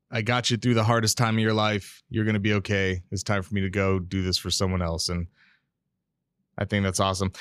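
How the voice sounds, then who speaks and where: This is a man hosting a casual solo podcast, his lowish voice a bit bright with a clean tone and no room sound. He rambles candidly, restarting often and swearing casually, sitting close to a studio mic with a pop filter.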